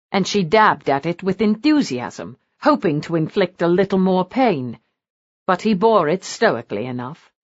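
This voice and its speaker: Expressive low-voiced woman narrator. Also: no echo, lo-fi sound. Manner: expressive, animated reading. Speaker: audiobook narrator. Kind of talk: scripted romance narration.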